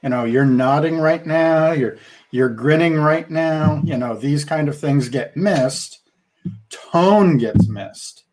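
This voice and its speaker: A man's voice: a little high, slow pace, darkish tone. A middle-aged man co-hosting a podcast, talking things through in a thoughtful, rambling way with restarts. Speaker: podcast co-host. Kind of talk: casual podcast discussion.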